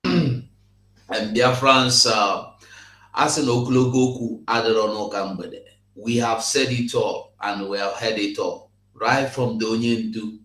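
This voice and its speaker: A man speaks low and very slowly. He delivers a measured, rallying send-off. The voice carries a roomy echo. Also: fairly even intonation, a bit bright.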